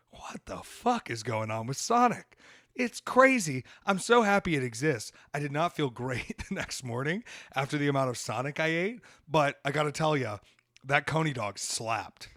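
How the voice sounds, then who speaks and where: A man from the American South, hosting a podcast and telling a story in a loose, animated way, swearing now and then. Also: a little high, normal speed, no echo, clean studio sound. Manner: animated, swearing, acts out voices in quotes. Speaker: podcast host. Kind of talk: casual storytelling.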